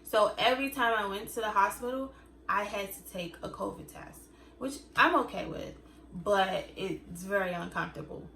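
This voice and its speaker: A woman's voice: medium pitch, moderate pace, vocal fry, bright, forceful tone, far from the mic. A young woman vlogger in casual storytime chat, chatty and acting out quotes in other voices. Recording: echoey room, faint noise.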